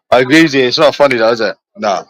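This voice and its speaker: A man's voice: medium pitch, fairly bright tone, no room sound, low-quality recording. A young man, chatting casually with friends in repetitive, laughing, slangy banter. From London. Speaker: streamer.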